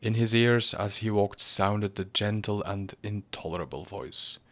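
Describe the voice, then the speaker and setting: A man with a low-pitched voice narrating a storybook reading. He keeps a measured, grave pace through the telling. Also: fairly bright tone.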